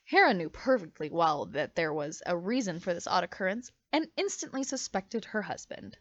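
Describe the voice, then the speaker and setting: A woman reading a mythology book aloud in an expressive, dramatic way. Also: fairly low pitch, moderate pace, no room sound. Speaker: audiobook reader. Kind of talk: storybook read-aloud narration. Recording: dry, slightly muffled home recording.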